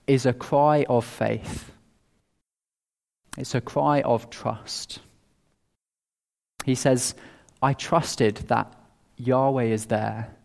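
A man preaching an expository sermon in a measured, earnest way, with small restarts. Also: medium pitch, gravelly, darkish tone. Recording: long reverb of a large hall.

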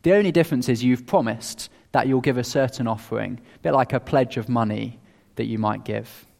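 A man preaching an expository sermon in a measured, earnest way, with small restarts. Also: mid-range voice, vocal fry, darkish tone. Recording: long reverb of a large hall.

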